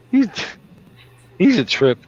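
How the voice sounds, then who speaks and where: A man's voice: sits high, a little mellow, husky, muffled recording. A man chatting casually as a trucker streamer, telling stories with lots of laughter and acted-out quotes. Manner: jokey storyteller, laughs often, acts out quotes. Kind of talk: casual chat. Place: in a truck cab on the road.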